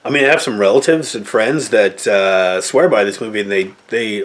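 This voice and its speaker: A man's voice: fairly low pitch, lively intonation, fairly quick, hardly any pauses. Blunt, cussing man ranting a review. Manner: blunt, exasperated, swears freely. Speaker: movie reviewer. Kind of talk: casual review monologue.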